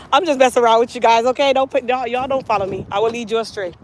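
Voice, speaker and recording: A woman's voice: a little high, fast. A woman hosting her hair care channel, chatting casually with viewers in a playful, teasing, slangy way.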